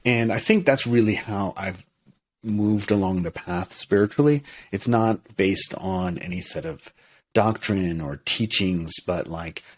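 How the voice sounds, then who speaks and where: A man's voice: low-pitched, measured pace. A man who is a minister, talking in a reflective interview, hesitant and thoughtful, with frequent restarts and fillers.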